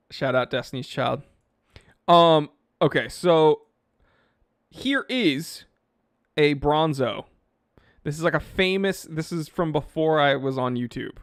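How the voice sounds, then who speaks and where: Male live-stream host, higher voice, rambling casual chat, dry close sound. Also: expressive, slow pace, pauses often, no room sound. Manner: rambling, offhand, reads comments aloud. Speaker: watch channel host reading live chat.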